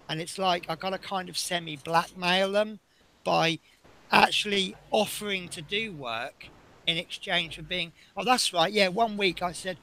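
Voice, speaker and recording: A middle-aged man talks in an easy, rambling way, spinning anecdotes about work and chuckling along as he goes. His voice sits a little high and sounds bright and edgy, with a faint hiss underneath. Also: measured pace, vocal fry. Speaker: bus driver and streamer. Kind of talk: casual chat while building a model.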